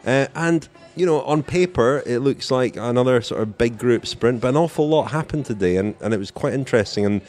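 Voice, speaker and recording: A man's voice: mid-range voice, brisk, few pauses, a little mellow. A man hosting a podcast in casual chat, playfully teasing his co-hosts. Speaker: podcast host.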